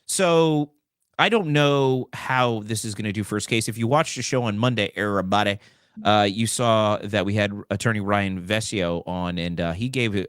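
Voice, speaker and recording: A man hosting a political commentary talk show, talking in an animated, rambling way with many asides. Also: on the low side, clean tone, no echo, studio quality. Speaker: host.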